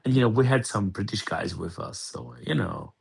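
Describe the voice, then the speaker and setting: Male co-host, gravelly husky voice, halting and stammering chat. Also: on the low side, a little mellow. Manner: hesitant, repeats words, many fillers. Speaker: podcast co-host. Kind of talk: casual podcast chat.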